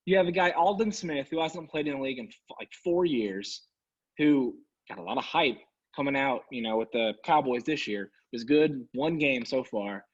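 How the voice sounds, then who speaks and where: A man's voice: mid-range voice, moderate pace, slightly rough. A man co-hosting a sports podcast, ranting in casual talk, sarcastic and exasperated. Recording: dull lo-fi sound.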